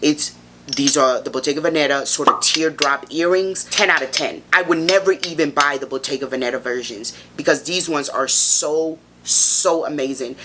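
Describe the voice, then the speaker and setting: Low-voiced chatty woman vlogger. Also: background noise. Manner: chatty, playful, gushing, talks to viewers as y'all. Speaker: fashion vlogger. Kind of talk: casual haul review to camera.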